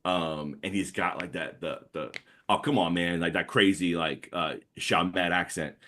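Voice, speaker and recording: Deep-voiced New Orleans man, rambling. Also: moderate pace. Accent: New Orleans Yat. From New Orleans area. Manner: rambling, animated storytelling with many fillers. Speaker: comics artist guest. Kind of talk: casual podcast chat.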